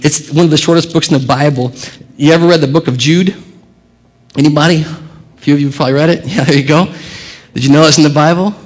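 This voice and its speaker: A man preaching a sermon as a pastor, earnest and expressive, dropping quiet and rising with emphasis. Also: fairly high pitch, fast talker, pauses often.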